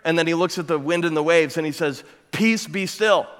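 A man preaching a sermon as pastor, his voice sitting a touch high for a man. He presses his points with repetition and rhetorical questions. The sound rings out with a long reverb, as in a big church sanctuary. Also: flat delivery, fast talker. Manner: emphatic, building with repeated phrases and rhetorical questions.

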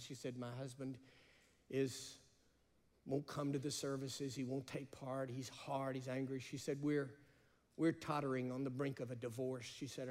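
A man preaching a sermon, passionate, shifting between emphatic raised cries and slow, hushed phrases. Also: mid-range voice, level tone. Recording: long reverb of a large hall.

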